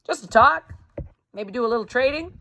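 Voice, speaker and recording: A woman voicing a friendly, ragged young male Confederate soldier with a soft, low Southern drawl. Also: lively intonation, moderate pace. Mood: friendly, coaxing. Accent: American Southern drawl.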